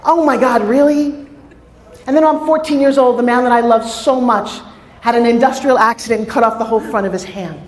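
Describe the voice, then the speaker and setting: Woman, new york accent, motivational stage speaker, lively storytelling, slightly high voice, echoey hall. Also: quick pace. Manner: energetic, storytelling with asides to the audience.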